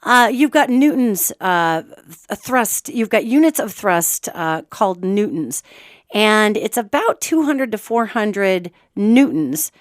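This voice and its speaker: A woman's voice: medium pitch, sing-song, slow pace, no room sound, studio quality. A middle-aged woman hosting a solo spiritual commentary podcast, talking to listeners in an impassioned, conversational way. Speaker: host.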